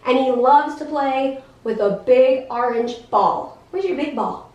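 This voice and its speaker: A woman in her thirties explaining things to a class of children, in an animated, sing-song, teacherly way with many questions. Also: sits high, measured pace. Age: 30s. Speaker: guest speaker in a special education class. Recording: echoey classroom, voice from far off.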